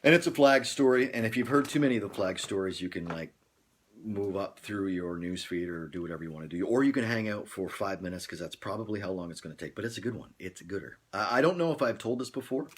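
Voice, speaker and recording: A man's voice: on the low side, expressive, quick pace. A man hosting a casual livestream, rambling and joking, chuckling often as he talks to viewers. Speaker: livestream host. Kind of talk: casual live-stream chat.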